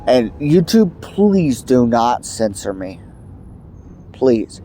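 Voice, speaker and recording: A man's voice: medium pitch, sing-song, very slow, warm tone, a little hiss or hum. A man vlogging a heated political rant to camera, angry and emphatic, sounding stuffed up from allergies. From United States.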